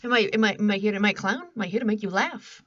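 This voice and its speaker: A woman's voice: medium pitch, very fast, a bit bright, lo-fi sound, lightly acted. A woman doing a hot-tempered movie gangster. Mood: menacing. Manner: confrontational, repetitive questioning.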